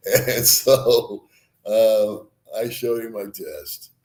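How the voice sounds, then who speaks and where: A man's voice: fairly low pitch, very slow, darkish tone, echoey room. An older man vlogging, telling a rambling travel story, swearing freely and chuckling at himself. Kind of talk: casual storytelling.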